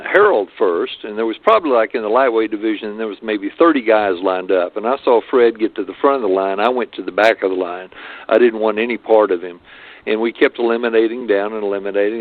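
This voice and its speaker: An older man recounting stories in an interview, talking in a rambling way with many hesitations and restarts. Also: fairly low pitch. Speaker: martial arts guest. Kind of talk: storytelling interview. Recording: phone-like lo-fi line.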